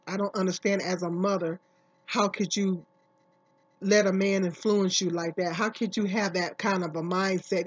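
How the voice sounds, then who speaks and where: A woman's voice: mid-range voice, breathy edge. A woman vlogger giving casual, emphatic commentary, repeating herself and asking many questions. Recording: dull lo-fi recording.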